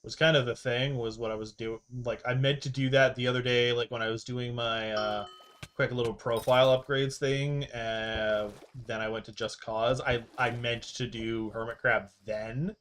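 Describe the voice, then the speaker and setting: A man's voice: medium pitch, little pitch movement, moderate pace, fairly bright tone, a little hiss or hum. A young man streaming a game, chatting loosely to himself and his viewers, swearing casually and laughing at himself. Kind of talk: casual gameplay commentary.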